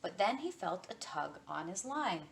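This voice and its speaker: A woman librarian reading a fairy tale aloud to children in an expressive, sing-song storytelling manner. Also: lowish voice, measured pace, creaky.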